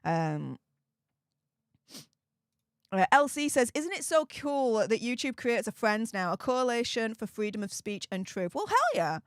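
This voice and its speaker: A woman's voice: a little high, expressive, a little slow, smooth, dry recording, clean studio sound. A woman hosting a casual live stream, reading chat messages and answering them bluntly, with frequent laughs and fillers. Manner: chatty and blunt, laughs often, many fillers.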